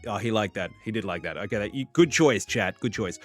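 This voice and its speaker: Streamer guy reading a game out loud, goofy and dramatic, voice all over the place, quiet music behind. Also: on the low side, expressive, fairly quick. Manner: reads game text aloud with playful, theatrical swings. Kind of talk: live game playthrough commentary.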